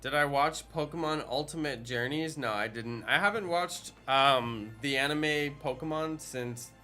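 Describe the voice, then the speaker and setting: Bright-voiced chatty male streamer. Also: fairly high pitch, a little slow, faint music behind. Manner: chatty, jokey, reads and answers chat questions. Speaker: live streamer. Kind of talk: casual live stream chat while gaming.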